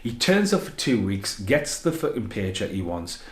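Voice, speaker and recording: In an echoey room, a man with a slightly low voice delivers an unscripted, ranting film review at normal speed. He rambles loosely, swears often and grows more excitable as he goes.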